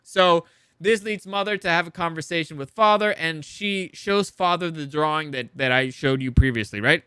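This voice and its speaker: A man hosting a review show, recapping a TV episode in a rambling, animated way, acting out characters with laughs and swearing. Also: a little high, normal speed, clear, resonant tone, no echo, clean studio sound.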